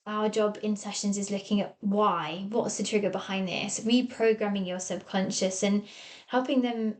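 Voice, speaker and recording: An English therapist hosts her own podcast from a small office, speaking at normal speed in a mid-range voice with fairly even intonation. She talks listeners through ideas solo in a warm coaching tone, acting out quoted voices in her English accent.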